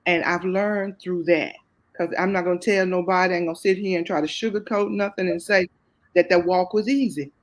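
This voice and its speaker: A woman's voice: on the low side, steady tone, brisk. A woman with a Southern US accent, speaking as a guest and telling her life story openly, full of faith and repeating phrases for emphasis. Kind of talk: candid testimony in conversation.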